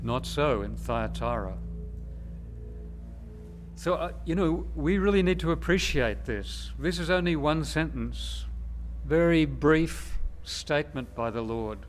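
A man preaching a sermon in a slow, measured, emphatic way, with long pauses between phrases. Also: fairly high pitch, lively intonation, faint music behind.

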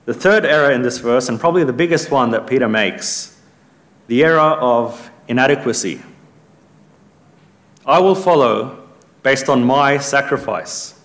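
A man's voice: unhurried, long pauses, a bit bright. Earnest male preacher delivering a sermon. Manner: earnest, emphatic, rises in pitch when quoting scripture.

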